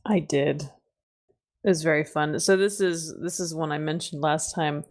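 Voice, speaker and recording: A woman chats on a podcast panel, easygoing and quick to laugh. Her voice sits low for a woman. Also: steady tone. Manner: chatty, laughs easily. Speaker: podcast co-host. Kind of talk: casual podcast chat.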